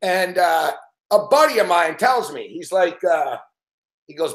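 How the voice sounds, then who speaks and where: A man's voice: high voice, unhurried, roomy sound. A man telling rowdy stories in a casual chat, swearing constantly and laughing as he goes. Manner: profane, animated storyteller who laughs often. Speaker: show host.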